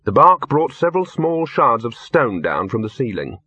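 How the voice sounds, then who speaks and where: A man calmly narrating a story as an audiobook reader. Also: mid-range voice, moderate pace, slightly rough, dry recording, dull audio. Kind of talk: scripted narration.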